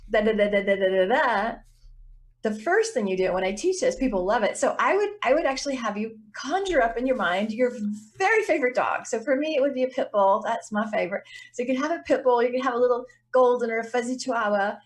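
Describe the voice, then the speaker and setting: A woman's voice: a little high, expressive, fast talker. A woman business coach as an interview guest, talking casually and animatedly and acting out little voices and reactions.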